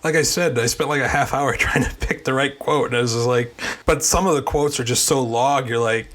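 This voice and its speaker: A young man co-hosting a casual podcast, relaxed and quick to laugh. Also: mid-range voice, slight background noise. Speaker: podcast co-host.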